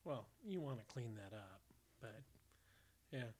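A man's voice: medium pitch, animated, a little slow, darkish tone, slightly rough. A man in casual podcast chat, answering briefly with dry, sarcastic quips.

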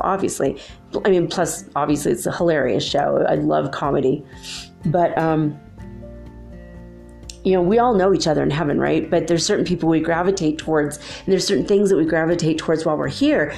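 A woman's voice: fairly low pitch, vocal fry, darkish tone. A middle-aged woman hosting a spiritual talk, telling a story in a rambling, chatty way with many fillers. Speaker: spiritual video host. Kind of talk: casual storytelling monologue.

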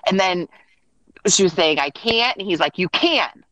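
A woman with a somewhat low voice talks through a show recap in easy, rambling chat. She peppers her talk with fillers and plays out little quotes. The sound is close and dry, with no room around it. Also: lively intonation, a little slow, a bit bright, no room sound, poor audio. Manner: chatty, lots of "like" and restarts, acts out quotes. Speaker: podcast co-host.

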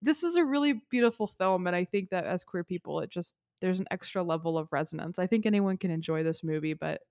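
A woman's voice: medium pitch, no echo, studio quality. A woman co-hosting a podcast, tearful and sniffling as she talks earnestly and rambles about a film she loves. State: tearful, crying. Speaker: podcast co-host. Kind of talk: emotional film discussion.

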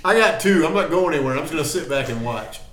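A man's voice: on the high side, lively intonation, quick pace, crowd noise. Joking tabletop player man, roomy sound. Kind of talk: casual tabletop game chat. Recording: roomy echo.

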